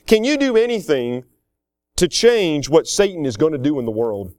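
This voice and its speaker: Man, pastor, sermon, folksy, animated, fairly high voice, dry sound. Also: moderate pace, no echo. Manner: folksy, animated, laughing asides.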